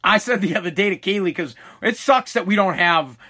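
A man's voice: high-pitched, animated, a little fast, bright, forceful tone. A man hosting a casual podcast, rambling, swearing and laughing often. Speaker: podcast host. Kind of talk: casual storytelling chat.

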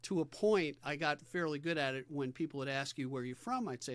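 Easygoing New York podcast host. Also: male voice, medium pitch, a little fast, hardly any pauses, a bit bright, dry recording. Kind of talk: casual interview chat.

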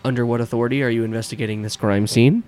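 A man's voice: mid-range voice, fairly even intonation, racing, a little mellow, close to an everyday voice. A man voicing a wary, officious male patrolman who speaks in clipped, formal phrases. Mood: suspicious.

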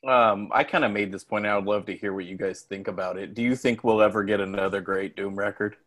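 Low-voiced easygoing man. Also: fairly even intonation, fast, fairly bright tone. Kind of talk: casual group chat.

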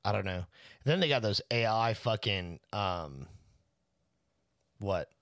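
A man's voice: on the low side, animated, slow, vocal fry, fairly bright tone, no room sound, clean studio sound. A man co-hosting a podcast, rambling and swearing a lot in casual banter. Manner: heavy swearing, rambling, acts out bits. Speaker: podcast co-host. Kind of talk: casual chat.

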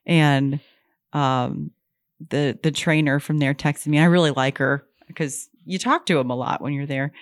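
A middle-aged woman chatting casually as a podcast co-host, self-deprecating and lively when she quotes others. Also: low voice, unhurried, no room sound, studio quality. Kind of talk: casual chat.

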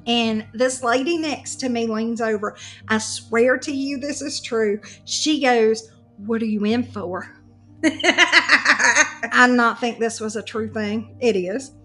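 Woman, casual storyteller, lively, acts out dialogue; slightly high voice, faint music bed. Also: slow. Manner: animated, acts out both sides of the story.

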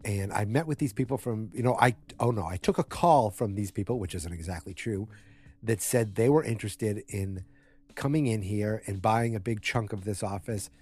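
A man's voice: on the low side, normal speed, a little mellow, breathy edge, no echo. A man giving a casual spoken recap of a TV episode, rambling with many fillers and self-corrections, and blunt in his opinions.

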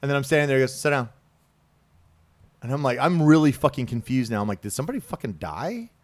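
Male podcast co-host, ex-Marine, lively swooping delivery, salty storyteller. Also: medium pitch, racing. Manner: profane, animated storyteller who acts out quoted voices. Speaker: Marine veteran. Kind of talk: casual storytelling.

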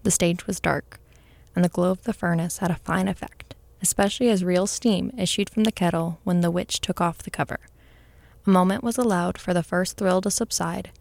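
A woman narrating a story aloud in a measured, expressive reading. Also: fairly low pitch, vocal fry.

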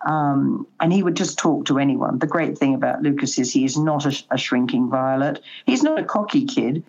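Older woman, low voice, chatty storyteller. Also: normal speed, vocal fry, dull audio. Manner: chatty storyteller, animated quoting. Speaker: guest. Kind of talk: conversational interview.

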